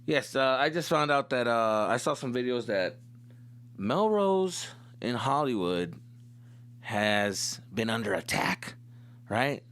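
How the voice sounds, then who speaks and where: A man's voice: mid-range voice, expressive, slow pace, fairly bright tone. A young male comedian hosting his own podcast, rambling profanely through a casual monologue and switching into Spanish slang.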